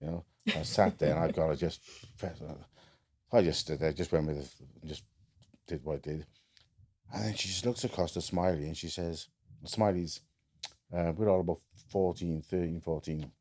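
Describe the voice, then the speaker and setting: Guest: man, very low warm voice, blunt and plain-spoken. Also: steady tone, moderate pace. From Wales. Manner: frank, matter-of-fact, many fillers and restarts. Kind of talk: casual storytelling.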